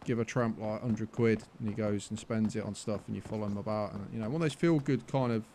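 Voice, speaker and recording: A young British man commentating his gameplay in a cheeky, joking way. When nobody recognises him he gets loud and exasperated. There is a faint hiss under his voice. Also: fairly low pitch, quick pace. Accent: British English. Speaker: gaming YouTuber.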